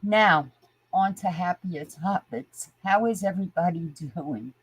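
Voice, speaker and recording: Older lady live streamer, husky and a bit stuffy, fed up, greets chat by name. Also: fairly low pitch, a little slow, dry recording, low-quality recording. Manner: indignant ranting, greeting viewers by name. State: stuffy from a sinus infection.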